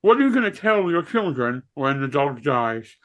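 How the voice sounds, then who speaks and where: Teasing man, slightly high voice. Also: big pitch swings, normal speed, fairly bright tone, lo-fi sound. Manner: teasing, blunt. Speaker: podcast co-host asking questions. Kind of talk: casual banter.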